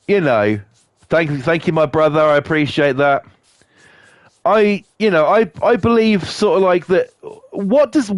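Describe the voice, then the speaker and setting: A man streaming to a live chat, ranting angrily and swearing a lot, coughing now and then. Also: dry recording. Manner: angry, sweary rant with big pitch swings.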